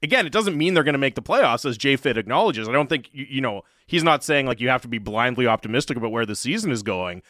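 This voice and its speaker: A man co-hosting a casual sports podcast, animated and conversational, with many "like"s. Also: medium pitch, fast, hardly any pauses, no room sound, studio quality. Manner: animated, conversational, uses "like" a lot. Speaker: podcast co-host.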